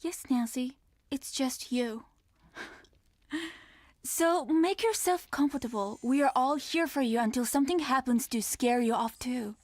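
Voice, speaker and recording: Gloomy high-voiced innkeeper. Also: female voice, measured pace, no room sound. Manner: gloomy, resigned, quietly ominous. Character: weary female innkeeper of a failing inn. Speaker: video game character.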